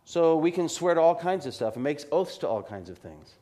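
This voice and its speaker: A man preaching an earnest expository sermon, reading scripture slowly and carefully. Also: a little high, very animated, mellow. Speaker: pastor.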